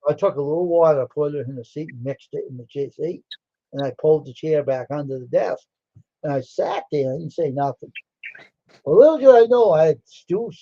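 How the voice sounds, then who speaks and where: A man's voice: fairly high pitch, dark tone, no room sound. Rambling storyteller man, dull lo-fi. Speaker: livestream host. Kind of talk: casual storytelling.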